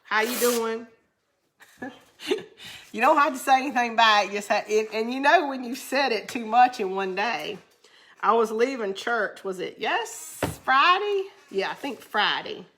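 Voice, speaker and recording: A woman's voice: on the high side, lively intonation, unhurried, a bit bright. A woman from the Southern United States with a Southern drawl, chatting casually and laughing as she crafts and reads viewer comments. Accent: Southern American. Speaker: craft video host.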